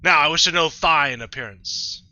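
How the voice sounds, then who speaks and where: A man voicing an ancient godlike creature, reading its archaic lines slowly and gravely on a slightly dull, lo-fi mic. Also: fairly high pitch, bright, forceful tone. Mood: solemn.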